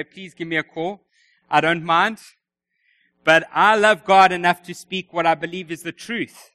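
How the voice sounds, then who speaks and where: High-voiced man preaching a sermon. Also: sharp tone. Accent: non-local, names misheard. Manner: chatty, joking storyteller.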